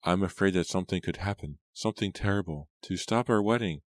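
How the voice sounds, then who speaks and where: A gentle, anxious young woman, read by a man, soft-spoken and tender. The voice stays very deep and dry, close to the mic, with little change made for her. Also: fast talker, dry recording, close to an everyday voice. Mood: fearful.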